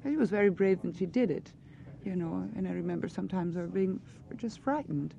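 A woman's voice: lowish voice, a little fast, vocal fry, warm tone, highs cut off, slight background noise. A woman answering questions as an actress in a press interview, earnest and searching for her words.

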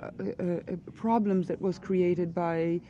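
A woman's voice: fairly low pitch, fairly even intonation, measured pace, muffled recording. A woman answering questions as an actress in a press interview, earnest and searching for her words.

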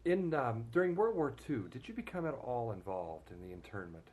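Husky, lively male interviewer. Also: mid-range voice, moderate pace. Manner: curious, brief follow-up questions. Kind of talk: conversational interview.

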